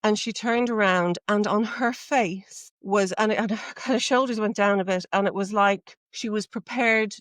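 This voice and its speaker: A woman's voice: medium pitch, fairly even intonation, moderate pace, hardly any pauses, a bit bright. An Irish woman, a podcast guest, telling a personal anecdote in a chatty, self-deprecating way. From Ireland. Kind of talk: storytelling anecdote in conversation.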